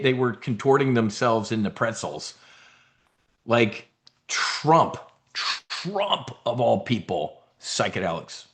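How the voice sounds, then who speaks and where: A man hosting a trading show, ranting casually and bluntly with profanity, stumbling and restarting as he talks. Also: mid-range voice. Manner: fast, rambling, blunt and profane, with frequent restarts. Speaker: host of a trading and market show. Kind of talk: casual live-stream rant.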